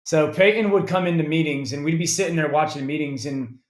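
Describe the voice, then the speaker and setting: A man in his thirties, a football analyst as guest, talking in a lively casual way with frequent restarts. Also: a little high, fairly quick, reverberant. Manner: animated, restarts often. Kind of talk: casual interview talk.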